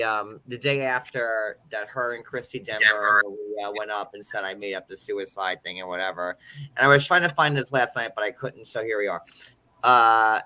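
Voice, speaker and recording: A man's voice: medium pitch, bright, forceful tone. A man hosting a casual livestream chat, rambling and interrupting himself as he reads messages aloud. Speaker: livestream host.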